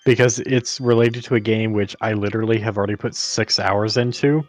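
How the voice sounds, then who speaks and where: A man's voice: lowish voice, steady tone, a little fast, no echo, faint music behind. Tipsy man chatting on a stream. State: tipsy from wine. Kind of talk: casual live-stream chat while gaming.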